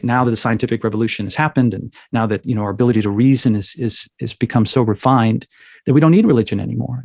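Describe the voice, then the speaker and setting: A man's voice: mid-range voice, no echo, studio quality. A man speaking as a minister, explaining ideas in a reflective, conversational way and checking in with frequent tag questions. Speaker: guest, minister. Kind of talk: conversational theology discussion.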